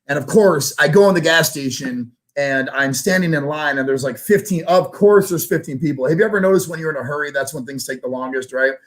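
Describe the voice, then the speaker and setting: A man, a guest sales trainer, telling a story in a casual interview, animated and swearing casually as he acts out dialogue. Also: a little high, a little fast, few pauses.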